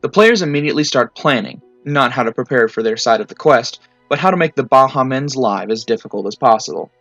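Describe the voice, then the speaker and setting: Guy reading dnd stories, deadpan and clipped, kinda muffled audio, faint music behind. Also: mid-range voice, brisk, no echo. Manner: matter-of-fact, clipped deadpan delivery. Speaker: narrator reading fan stories. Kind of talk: storytelling reading.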